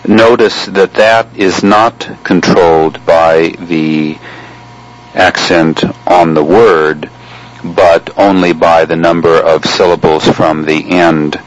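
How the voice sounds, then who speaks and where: Male chant instructor, very low voice, slow and measured delivery, pausey. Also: low-quality recording. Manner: measured, explanatory, with frequent pauses. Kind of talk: spoken lesson on chant.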